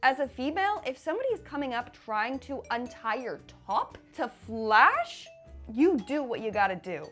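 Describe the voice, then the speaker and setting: A woman from Canada reading Reddit posts aloud and giving animated, slangy commentary with frequent laughter. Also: high-pitched, normal speed, soft background music.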